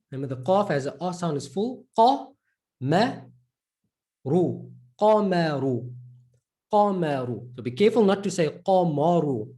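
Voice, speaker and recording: A man from South Africa with a South African accent, teaching Arabic letters to a class and repeating each sound slowly. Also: fairly high pitch, mellow. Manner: slow, repeats sounds and words for students. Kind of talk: live online lesson.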